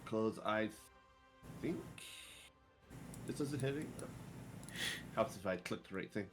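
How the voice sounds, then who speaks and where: A man's voice: on the low side, lively intonation, takes it slowly, music in the background. A man playing in an online tabletop game, talking casually and joking at his own expense. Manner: casual, joking, self-deprecating. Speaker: player.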